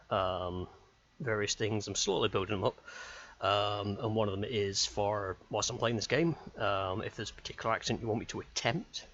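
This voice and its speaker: Guy streaming a game, rambly, kinda low voice, muffled mic. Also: fairly bright tone, a little hiss or hum. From United Kingdom. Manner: chatty, rambling, self-deprecating. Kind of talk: live gaming stream chat.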